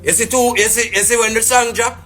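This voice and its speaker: A man's voice: extremely high pitch, fairly even intonation, brisk, pushed and bright, soft background music. A man with a Jamaican patois accent, ranting casually and indignantly on a live stream, rambling and repeating fillers. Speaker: businessman telling his side.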